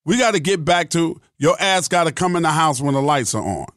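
Middle-aged male podcast host, blunt and profane, slightly high voice, dry close sound. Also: animated, brisk, a bit bright, no echo. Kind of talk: podcast monologue.

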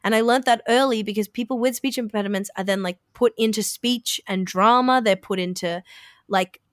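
A woman's voice: on the high side, normal speed, no room sound, studio quality. A woman co-hosting a podcast, telling a story in a chatty way and acting out what people said. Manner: chatty, acts out quoted dialogue. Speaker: podcast co-host. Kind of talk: casual storytelling chat.

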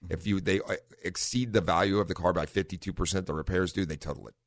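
A middle-aged man hosting a car talk radio show in a studio, relaxed and rambling, often correcting himself. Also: sits low, fast, dry recording. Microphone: studio microphone.

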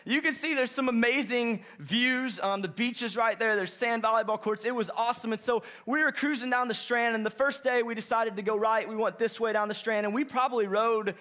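A young adult man preaching a sermon, telling a story in an animated, chatty way. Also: very high-pitched, fairly quick, hardly any pauses. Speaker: pastor.

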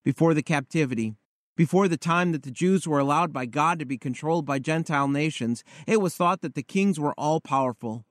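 A man preaching a sermon, telling a story in a measured, earnest way. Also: mid-range voice, dry recording, clean studio sound. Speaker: pastor.

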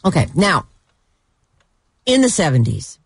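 A woman radio host chatting in a lively, swooping voice with a gravelly, husky edge. She tells stories with animation and laughs often. The sound is dry and close. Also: low-pitched, a little slow, no room sound. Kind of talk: casual radio banter.

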